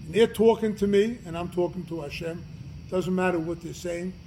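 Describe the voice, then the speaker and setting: Rabbi giving a class, slightly high voice, earnest and emphatic, faint noise behind him. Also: male voice, steady tone, fairly quick, poor audio. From United States. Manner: earnest, emphatic, swings from loud to quiet. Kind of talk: storytelling Torah class.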